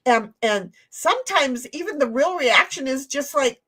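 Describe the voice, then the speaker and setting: Lively, high-voiced woman streamer. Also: moderate pace. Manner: blunt, profane, playful. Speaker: stream co-host. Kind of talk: casual livestream chat.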